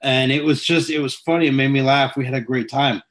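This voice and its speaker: A man of ordinary pitch hosts a casual live chat and talks to viewers as they join. His manner is chatty and welcoming, and he speaks into a phone or webcam mic. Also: steady tone, brisk. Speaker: livestream host.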